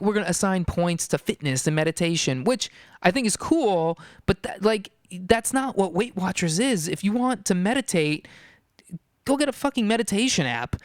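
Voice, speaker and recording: A man's voice: a little high, clean tone, no echo, clean studio sound. Blunt, profane man ranting. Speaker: podcast host. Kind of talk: casual ranting monologue.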